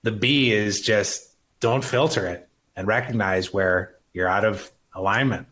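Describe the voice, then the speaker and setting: A man in his thirties speaks with heartfelt, emphatic conviction as a podcast guest. His voice sits on the lower side, and he drops the odd casual curse word. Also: measured pace, fairly bright tone. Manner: earnest, emphatic, swears casually. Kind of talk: emotional personal conversation.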